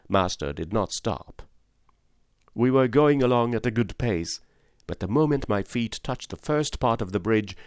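Man, low voice, gentle measured storybook narration, dry studio sound. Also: no echo. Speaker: audiobook reader.

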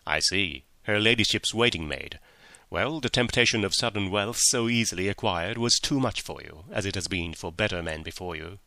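A man playing a cool, commanding detective in an audiobook, speaking quietly and sternly with measured control. His voice sits low with a bright, forceful edge, recorded close and dry. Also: dry recording. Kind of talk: audiobook character reading.

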